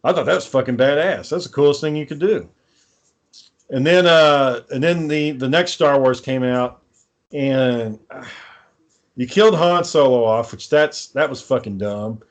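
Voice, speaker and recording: A man's voice: medium pitch, measured pace. A man co-hosting a casual podcast chat, ranting with lots of swearing and sarcasm. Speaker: podcast co-host.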